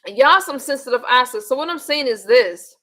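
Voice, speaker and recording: A woman's voice: high-pitched, lively intonation, moderate pace, pushed and bright. A woman hosting a live online panel, bluntly and profanely scolding her viewers. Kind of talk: live-stream chat, ranting to viewers.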